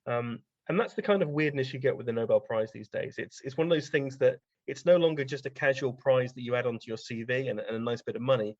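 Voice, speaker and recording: A man's voice: medium pitch, fast talker, hardly any pauses, dry recording. Rambling male podcast guest, dry sound. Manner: rambling, anecdotal, frequent ums. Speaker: guest science writer. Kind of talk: casual interview storytelling. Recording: dry, slightly dull podcast audio.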